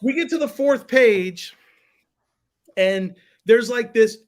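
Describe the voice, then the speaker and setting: A man's voice: very high-pitched, takes it slowly. A man guest on a podcast, animatedly telling a funny story with a laugh in his voice. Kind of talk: casual storytelling.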